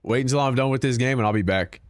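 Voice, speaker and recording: A man's voice: mid-range voice, fast talker, no room sound, studio quality. A man streaming a game, chatting casually and profanely with his viewers, joking and talking back to chat.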